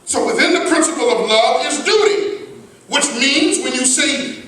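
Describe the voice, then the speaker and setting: A man preaching a sermon as minister, shifting between loud emphatic lines and soft asides, with a crowd answering back. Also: very high-pitched, expressive, normal speed. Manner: preaching with sudden shouts and hushed asides. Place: large mosque hall. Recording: echoey hall, mic at a distance. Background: responsive crowd.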